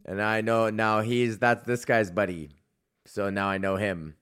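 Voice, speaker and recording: A man's voice: lowish voice, fairly even intonation, measured pace, a bit bright, clean tone. Rambling, foul-mouthed male podcast host. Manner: profane, rambling, self-interrupting. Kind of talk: solo comedic rant.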